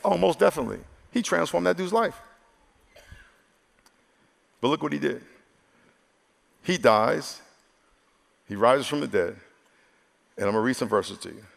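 Speaking a bit slowly with long pauses and some vocal fry, a male pastor with a mid-range voice and lively intonation gives a humorous, conversational sermon. He regularly acts out the voices of figures in his story for the live congregation, and the large church hall produces a long echo.

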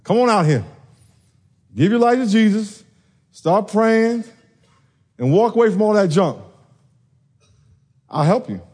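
A man preaching a sermon, telling stories with animated energy and acting out the quoted voices. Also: high voice, unhurried, long pauses. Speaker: pastor.

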